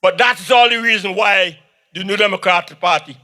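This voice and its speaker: A man with a Vincentian accent giving a fiery campaign speech at an outdoor rally, shouting in rhythmic repeated phrases. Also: sits high, normal speed. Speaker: political speaker.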